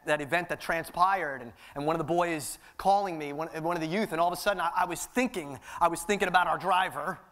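High-voiced impassioned male preacher. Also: fairly bright tone. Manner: impassioned, repetitive preaching cadence. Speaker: pastor. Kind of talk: sermon. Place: church sanctuary.

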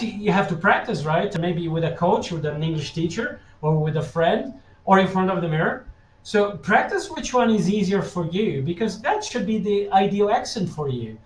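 A man with a high voice teaches live over a webinar. He answers questions from the chat and keeps asking "yeah?" to check that his listeners follow. His voice rings around an echoey room. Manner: reads out chat questions and answers them directly. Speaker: language teacher presenting a webinar.

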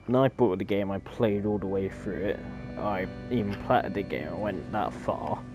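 A man's voice: deep voice, normal speed, music in the background. A man giving casual, jokey let's-play commentary on a horror game, easily startled and chatty. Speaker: gaming YouTuber.

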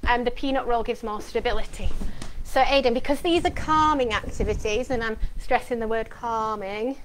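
A middle-aged woman with a somewhat high voice, speaking as an occupational therapist. She projects clearly and explains each step calmly and practically. A faint hiss sits under the voice. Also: normal speed, low-quality recording. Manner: calm, practical explanations to parents. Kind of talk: instructional demonstration.

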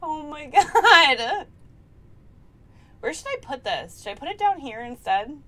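A woman's voice: on the high side, sing-song, fairly quick, a little mellow. A young woman streaming live, chatting casually and greeting viewers, breaking into frequent laughter. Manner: giggly, laughs often and reads chat names aloud.

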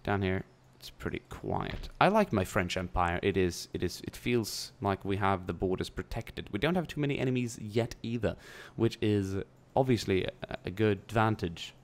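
Deep-voiced man narrating a strategy game. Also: normal speed, hardly any pauses. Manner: chatty, thinking aloud while playing, casual swearing. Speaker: gameplay commentator. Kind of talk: casual let's-play commentary.

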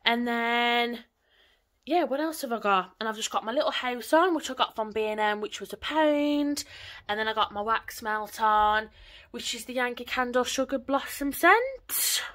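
A woman's voice: fairly high pitch, expressive, normal speed, fairly bright tone. A woman, chatting casually and rambling on in a home vlog from her living room. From England. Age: 20s. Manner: chatty, rambling, swears lightly. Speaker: vlogger.

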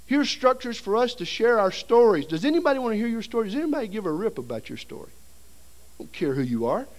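High-voiced storytelling male preacher. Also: very animated, fast talker. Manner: storytelling, acting out voices and sounds with humor. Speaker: seminary dean and preacher. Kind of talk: preaching a seminar sermon. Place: seminary hall before an audience.

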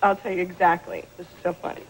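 A woman's voice: fairly low pitch, flat delivery, fast. A woman in her twenties, a dating show contestant, giggly and blunt. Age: 20s. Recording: noisy studio with audience.

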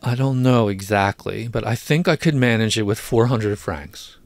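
A man's voice: on the low side, normal speed, no room sound, natural voice. Man voicing a petulant discontented young wife. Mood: subdued.

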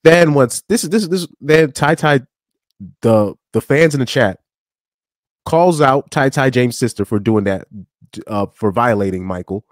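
A man giving casual reaction commentary on a live stream clip, animated, with stammering restarts and frequent laughs. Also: medium pitch, unhurried, dry recording, studio quality.

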